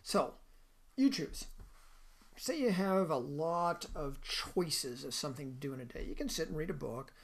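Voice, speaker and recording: A woman's voice: deep voice, lively intonation, moderate pace, breathy edge. A woman giving a recorded lecture in a conversational way, often asking the listener questions.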